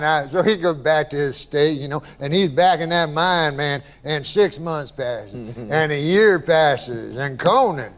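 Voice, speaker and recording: A man telling a long deadpan shaggy-dog joke as a talk show guest, slipping into a folksy drawl for his characters. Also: fairly high pitch, measured pace, hardly any pauses, crowd noise, noisy background. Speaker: late-night show guest.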